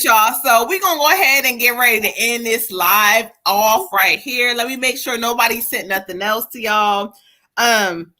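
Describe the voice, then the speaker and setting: A woman hosts a live spiritual reading. Her voice is bright and a little high, and she talks emphatically, cursing freely and calling the viewers "y'all" and "child". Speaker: livestream co-host giving spiritual readings.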